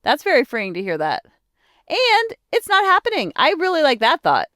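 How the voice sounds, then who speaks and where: A woman's voice: high voice, huge pitch swings, moderate pace, fairly bright tone, no echo, studio quality. A woman parenting coach hosting her own podcast, talking in a chatty, encouraging self-help manner. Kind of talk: casual solo podcast talk.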